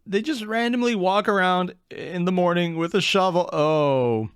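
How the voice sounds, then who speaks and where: A man's voice: high voice, measured pace, clear, resonant tone, no echo, clean studio sound. A man giving casual reaction commentary, incredulous and blunt, swearing freely. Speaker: reaction video host.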